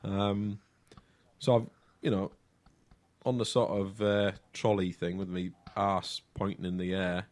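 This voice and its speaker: A man's voice: sits low, flat delivery, measured pace, darkish tone. A man rambles through a crude personal story on a podcast. He hesitates constantly, stacking ums and restarts as he goes. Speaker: podcast co-host. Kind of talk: casual chat.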